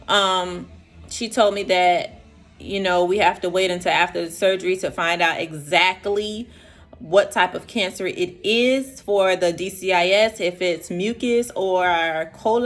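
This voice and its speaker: Earnest young woman vlogging. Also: medium pitch. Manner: earnest, emotional, addresses viewers directly. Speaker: vlogger sharing her diagnosis. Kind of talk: personal vlog story.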